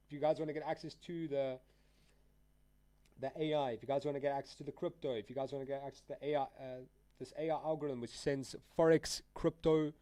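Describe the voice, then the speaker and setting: A man's voice: fairly high pitch, fairly even intonation, fast, dark tone, dry recording. A man live-streaming his trades, talking casually and full of slang while he answers chat and calls out trades. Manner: casual, slangy, addresses viewers as guys and dude.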